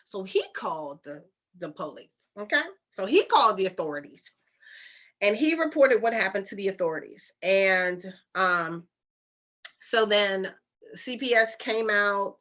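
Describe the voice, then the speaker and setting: A woman's voice: medium pitch, expressive, a little slow, a bit bright. A woman retelling a story in a casual monologue, chatty and incredulous, with rhetorical questions and informal speech. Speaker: channeler and storyteller.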